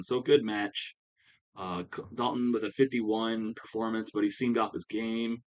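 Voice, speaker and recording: Low-ish dude rambling thru a wrestling game recap, tons of you-knows and uhs, just chatting. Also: male voice, low-quality recording. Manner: rambling, full of fillers like "you know" and "uh". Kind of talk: casual play-by-play recap.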